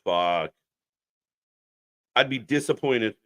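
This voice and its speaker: Slow-paced and expressive, this medium-pitched, slightly bright male voice belongs to a wrestling watch-along streamer. His live, unscripted alternative commentary has him riffing at the chat with blunt sarcasm and plenty of profanity.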